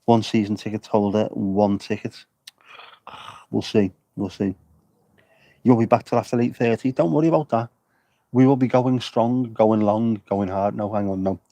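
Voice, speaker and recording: A man's voice: on the low side, moderate pace, dark tone, dry recording. A man livestreaming from an outdoor air show, rambling and joking with his chat. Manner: jokey, rambling banter with chat.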